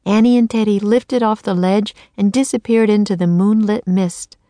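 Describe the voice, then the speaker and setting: A woman narrating a children's chapter book in a clear, measured storytelling manner. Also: medium pitch, fairly even intonation, dark tone, no echo. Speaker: audiobook narrator. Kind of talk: children's audiobook reading.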